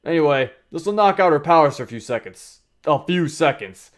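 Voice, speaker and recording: Brief: man reading a brusque male drill instructor, blunt and crude, raised a touch in pitch. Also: lively intonation, fairly quick, close to an everyday voice. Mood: instructing. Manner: brusque, matter-of-fact briefing.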